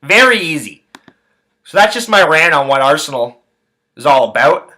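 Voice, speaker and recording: A man's voice: a little high, very animated, moderate pace, bright, forceful tone. A man hosting a sports podcast, ranting angrily with heavy swearing and repeating phrases for emphasis. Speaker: podcast host. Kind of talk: profane sports rant.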